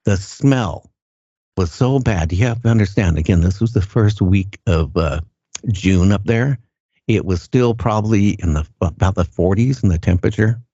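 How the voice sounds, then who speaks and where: An older man telling his story in a halting, earnest way, often repeating words as he goes. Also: on the low side, mellow, breathy edge, no echo. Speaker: guest recounting an encounter. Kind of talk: casual first-person storytelling. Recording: dull lo-fi sound.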